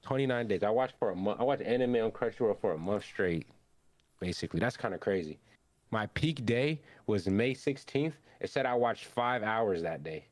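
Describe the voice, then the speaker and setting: A young man on a podcast, casually recapping an anime episode and acting out the characters' lines in an animated way. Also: fairly low pitch, normal speed, no room sound. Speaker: podcast co-host.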